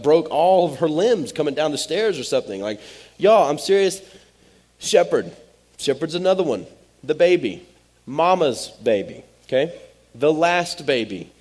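A man's voice: mid-range voice, darkish tone, husky. A man, preaching a sermon as pastor in a direct, conversational way. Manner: direct, conversational, Southern-tinged "y'all" asides.

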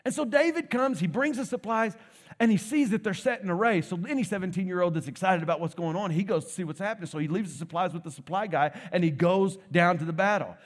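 A man's voice: high voice, fast. A man preaching a sermon in a church, retelling a story with jokes and casual asides. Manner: lively storytelling, joking asides.

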